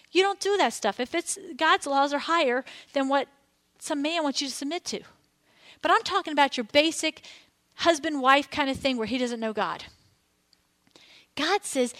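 A woman's voice: high-pitched, fairly bright tone. A woman preaching a sermon in a conversational way, acting out prayers and quotes as she teaches.

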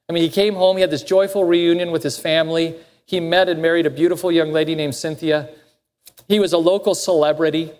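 A man's voice: fairly high pitch, darkish tone, in a large hall. A man preaching a sermon in a church sanctuary, telling a story earnestly and acting out the quoted voices. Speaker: pastor.

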